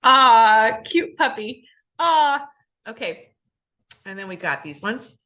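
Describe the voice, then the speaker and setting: A woman with a bright, clear voice leads a phonics drill at a very slow pace. She sounds out each letter sound and word part one at a time, deliberately and carefully. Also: on the high side, very animated. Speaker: ESL teacher.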